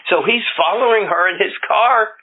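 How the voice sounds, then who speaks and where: A man's voice: high-pitched, moderate pace. A middle-aged man speaking at a recovery meeting, telling plain-spoken stories with self-deprecating humor. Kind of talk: personal recovery talk. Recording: phone-like lo-fi with faint hiss.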